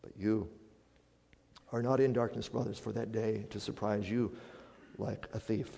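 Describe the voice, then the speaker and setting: A man preaching a sermon as a pastor, swinging from hushed, quiet passages up to loud, emphatic declarations. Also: on the low side, fairly even intonation, a little slow, gravelly, husky. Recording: long hall reverb.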